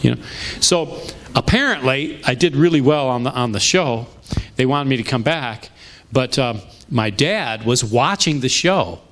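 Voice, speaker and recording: A middle-aged male pastor delivers a sermon built on personal stories, speaking in a conversational, animated way that often backs up and restarts mid-sentence. His voice sits at an ordinary middle pitch for a man. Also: unhurried. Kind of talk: storytelling sermon. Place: church sanctuary.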